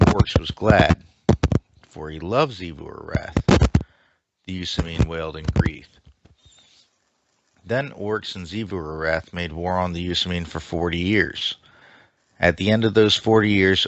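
A man reading a dark myth aloud in a steady storytelling manner, through a dull lo-fi mic with faint hiss. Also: low-pitched, a little slow, long pauses. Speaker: lore reader.

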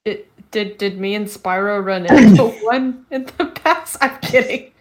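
A woman's voice: medium pitch, measured pace. A woman player teasing and laughing during a tabletop game. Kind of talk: casual tabletop play.

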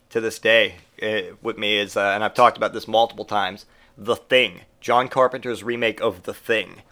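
A man hosting a podcast, rambling and swearing through a comic monologue, getting over a cold. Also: on the low side. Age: adult parent who grew up in the eighties. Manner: profane, rambling and animated, with mock voices for quotes. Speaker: podcast host. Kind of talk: casual comedic monologue.

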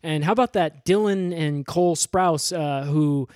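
A man co-hosting an improvised comedy podcast, deadpan and halting, with lots of ums. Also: fairly high pitch, no echo, clean studio sound.

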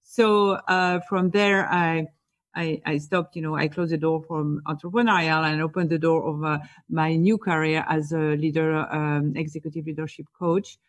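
A woman's voice: deep voice, fairly even intonation, normal speed. A woman from France with a French accent, answering interview questions eagerly and often repeating small words over a remote call. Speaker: guest, executive leadership coach.

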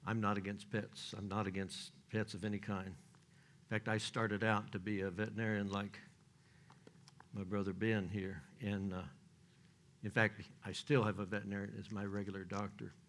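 An older man preaching in a rambling, folksy manner, breaking into chuckles and trailing off into restarts. His voice sits fairly low. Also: flat delivery, moderate pace, fairly bright tone. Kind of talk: sermon.

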